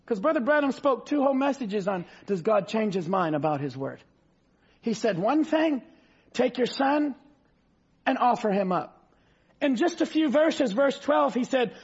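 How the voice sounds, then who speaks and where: A male preacher delivering a fervent sermon, reading scripture slowly and rising to shouts. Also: extremely high pitch, expressive, husky. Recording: dull lo-fi sound.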